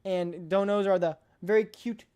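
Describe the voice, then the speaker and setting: A woman's voice: medium pitch, fairly even intonation, normal speed, mellow, clear, resonant tone. A woman streamer chatting casually on a live stream, emphatic and playfully blunt, often repeating her points.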